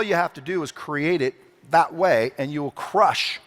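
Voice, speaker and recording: A man's voice: fairly high pitch, a little slow. A man giving a motivational talk on stage at a conference, brash and profane, firing rhetorical questions at a live audience. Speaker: conference speaker.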